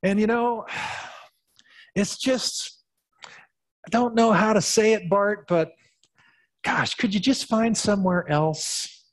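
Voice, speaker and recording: A man's voice: high-pitched, slow, pauses often, pitched above the performer's own voice. A man voicing an embarrassed townsperson complaining in a whiny, exasperated way.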